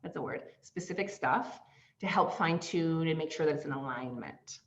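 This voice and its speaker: A woman coach leads an online masterclass. She speaks in an animated way, acts out the phrases she quotes and laughs often. Her voice sits a little low, and the audio is a bit dull and lo-fi. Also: moderate pace.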